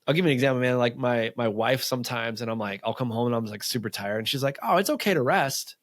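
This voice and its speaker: A man speaking as a coach in a casual interview, talking quickly and loosely with many fillers, acting out what others say. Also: medium pitch, fairly even intonation, no echo, clean studio sound. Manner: fast, loose talk full of fillers, acts out quotes. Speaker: men's coach and podcast guest.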